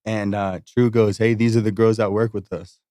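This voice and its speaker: A man with a somewhat low voice chats on a podcast, rambling through stories laced with swearing. He acts out what others said as he goes. The sound is dry and close. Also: level tone, normal speed, warm tone, no echo. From Las Vegas. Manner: rambling storytelling, swears a lot, acts out quotes. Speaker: podcast guest, strip club host. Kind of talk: casual podcast chat.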